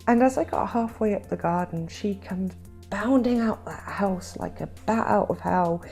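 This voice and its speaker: A woman vlogger recounting her family estrangement in an emotional, halting way, repeating words when upset and close to tears at times. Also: mid-range voice, warm tone, soft background music. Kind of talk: personal storytelling.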